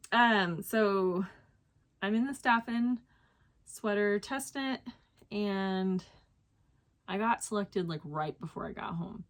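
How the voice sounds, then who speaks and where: A young woman, chatting casually as the host of her own knitting show and filling her talk with ums and restarts. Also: mid-range voice. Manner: chatty, lots of fillers and self-corrections. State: slightly out of breath. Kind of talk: casual chat to camera.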